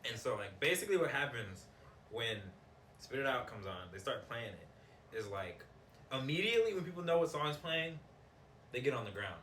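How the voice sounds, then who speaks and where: A man's voice: medium pitch, sing-song, moderate pace, bright, forceful tone. A young man co-hosting a casual podcast, telling a story in a laid-back way with lots of fillers. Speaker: podcast co-host. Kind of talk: casual chat. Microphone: backup recorder, not the new mics. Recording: roomy, distant, faint noise.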